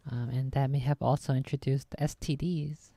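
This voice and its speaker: A woman with a very deep, gravelly voice offers deadpan, hesitant remarks. Her tone is dark and mellow, and the sound is close and dry. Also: moderate pace, no echo. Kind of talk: casual stream chat.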